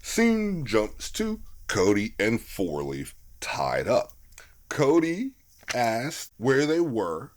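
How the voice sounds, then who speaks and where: A man casually recapping a movie plot as podcast co-host, animated and swearing now and then. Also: medium pitch, drawn-out words. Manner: animated storytelling, laughs often, swears.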